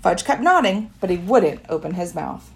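A woman narrates a children's book in the first person with lively, expressive storytelling. Her pitch rises and falls a great deal. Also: normal speed, vocal fry. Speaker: audiobook narrator.

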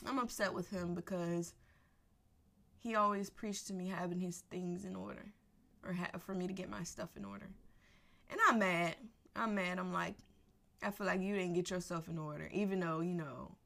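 A woman's voice: lowish voice, vocal fry, bright, forceful tone. A woman hosting a podcast, giving an unscripted personal monologue in casual slang, candid and emphatic with laughter between thoughts.

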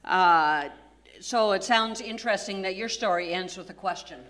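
A woman's voice: mid-range voice, moderate pace, fairly bright tone. A woman interviewing a biblical figure, asking inquisitive questions and adding thoughtful comments.

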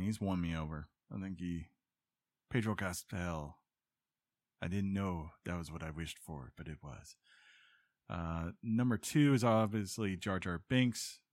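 A man's voice: deep voice, dry recording. A man hosting a podcast in casual chat, joking and rambling with a self-mocking streak. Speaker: podcast host.

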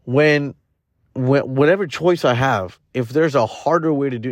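A man of middle pitch talks straight into a close podcast mic, in a dry room with no echo at all. He gives a blunt, casual motivational monologue, circling back with plenty of fillers and false starts. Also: normal speed. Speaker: podcast host.

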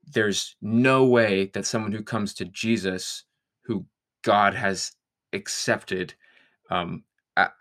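Thoughtful low-voiced man reflecting. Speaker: guest songwriter. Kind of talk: reflective conversation.

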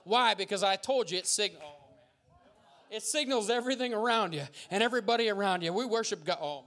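Fiery, bright-voiced male pastor preaching. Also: sits high, animated, moderate pace. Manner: fiery preaching, bursts into shouts; folksy asides and jokes. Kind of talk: sermon.

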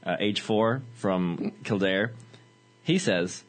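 A man's voice: on the low side, takes it slowly. A young man hosting a comedic mock radio show, bantering in a dry way. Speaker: host.

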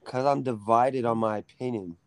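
A man in casual podcast chat, talking in a measured, wry way. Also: mid-range voice, steady tone, clear, resonant tone, no room sound, low-quality recording. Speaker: podcast co-host.

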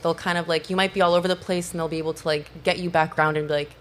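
A woman's voice: lowish voice, fairly even intonation, racing, a little hiss or hum. A woman on a podcast panel, talking chattily with many fillers and acting out little quotes. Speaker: panel guest. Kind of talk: casual panel talk.

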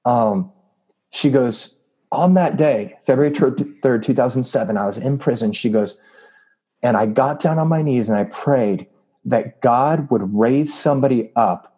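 Earnest man with a mellow, husky voice. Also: medium pitch, a little slow, low-quality recording. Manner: earnest, with many fillers and laughs. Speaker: anti-trafficking activist and preacher. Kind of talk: storytelling in a casual interview.

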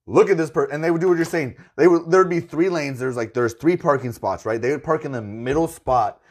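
A man's voice: a little high, fairly quick, darkish tone. A man who works in a store, a guest on a podcast, ranting emphatically in casual chat with plenty of swearing. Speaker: store worker.

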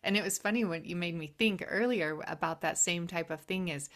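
A woman with a fairly low voice hosts a casual conversation. She affirms what her guest says and adds reflections of her own. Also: brisk. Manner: warm, affirming listener.

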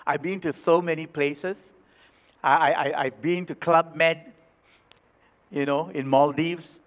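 A pastor voicing a boastful, well-traveled male hundred dollar bill in a sermon story, slow and pleased with himself. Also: a little high, steady tone, close to an everyday voice. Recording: reverberant hall, dull sound.

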